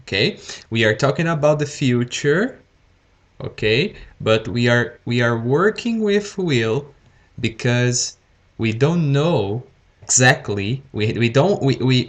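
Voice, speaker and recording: Slow, careful male teacher. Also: mid-range voice. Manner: deliberately slow, repeats words and says okay often. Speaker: English teacher. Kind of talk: live-streamed grammar lesson.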